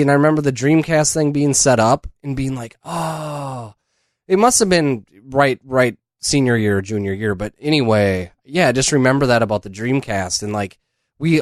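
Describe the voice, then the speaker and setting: Male podcast co-host, mid pitch, rambling anecdotes, dry close sound. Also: no echo. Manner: rambling storyteller, breaks into laughter. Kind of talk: casual chat.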